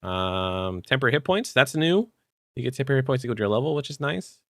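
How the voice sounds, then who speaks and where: A man co-hosting a podcast, chatting casually about tabletop game rules with relaxed fillers. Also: mid-range voice, fast talker, no room sound, studio quality. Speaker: podcast co-host.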